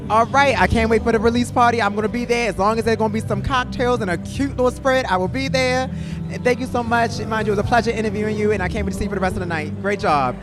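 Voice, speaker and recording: A man's voice: high-pitched, fast talker. A man hosting a livestreamed event, interviewing guests with flamboyant, theatrical introductions. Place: outdoor event with music. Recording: loud music behind outdoors.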